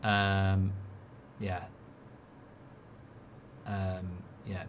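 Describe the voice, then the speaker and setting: A man's voice: on the low side, sing-song, slow, long pauses, a bit bright, slight background noise. A man hosting a live football watchalong, chatting casually and reading out viewer comments.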